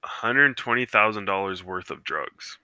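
A man's voice: lowish voice, animated, unhurried, sharp tone, smooth, no room sound. A man co-hosting a casual podcast, rambling through stories with lots of fillers and acting out what people said. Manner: rambling storyteller with many fillers, acts out quotes. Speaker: podcast co-host. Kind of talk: casual chat. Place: living room couch.

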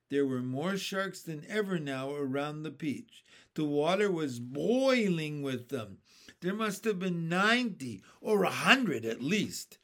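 A man reading a children's book aloud, with expressive, varied storybook delivery. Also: mid-range voice.

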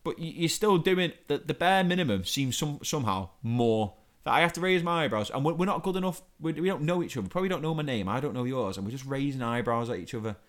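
A man's voice: medium pitch, lively intonation, fast talker, hardly any pauses. A young man co-hosting a podcast, ranting in exasperation and stumbling over repeated words. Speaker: podcast co-host. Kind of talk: casual comedic rant.

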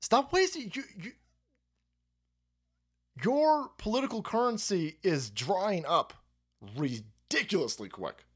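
A man's voice: high voice, sing-song, slow pace, pauses often, breathy edge. A man ranting through political commentary on a live stream, profane, rambling and mocking.

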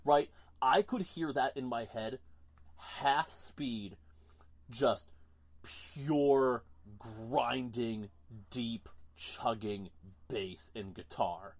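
A man's voice: medium pitch, slow pace. A man co-hosting a casual podcast, ranting in an exasperated, emphatic way. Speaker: podcast co-host.

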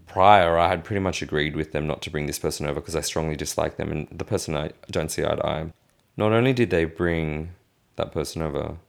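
A man's voice: a bass voice, vocal fry. A man in his thirties venting in a casual vlog rant, indignant and swearing freely. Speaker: vlogger.

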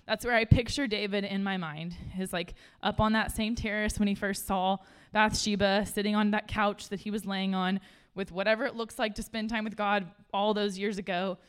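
A woman's voice: mid-range voice, moderate pace, clean tone. A woman preaches in a loose, conversational way to a roomful of listeners, laughing often and peppering her talk with "like." Her voice sits in the middle range for a woman. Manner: chatty and animated, laughs often, says "like" a lot. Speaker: speaker at a church gathering. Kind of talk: casual conversational sermon. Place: room full of listeners.

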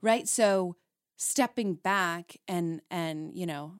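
A woman's voice: lowish voice, slow pace, clean tone, dry recording. A woman chatting on a relationship podcast, telling a story with lots of back-and-forth voices for herself and her partner. The sound is close and dry, with no room behind it. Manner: animated storyteller acting out both sides of arguments. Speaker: podcast co-host. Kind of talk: casual chat about relationships.

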